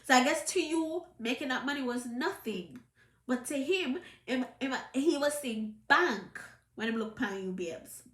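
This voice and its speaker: Speaking at a moderate pace in a high, animated voice, a vlogger gives the camera an emphatic telling-off in patois. She's Jamaican with a hint of British in her accent, and the sound is roomy.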